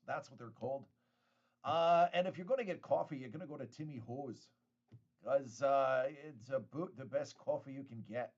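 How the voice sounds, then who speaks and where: A man's voice: a little high, lo-fi sound. A man hosting a casual live stream, chatting and joking with viewers, often laughing and restarting his sentences. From United States. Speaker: host of a card-collecting live stream.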